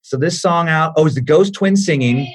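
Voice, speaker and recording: Animated storytelling man with a higher voice. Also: a little fast, soft background music. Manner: lively, acts out the voices in his stories, swears freely. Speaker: podcast guest, comedian. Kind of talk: animated storytelling in casual chat.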